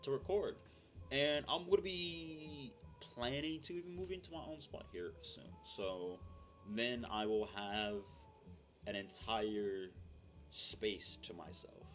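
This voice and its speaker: A young man, a streamer, chatting casually and rambling with lots of fillers in a deep voice. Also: slow, faint music behind. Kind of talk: casual chat. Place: home room. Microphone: desk mic.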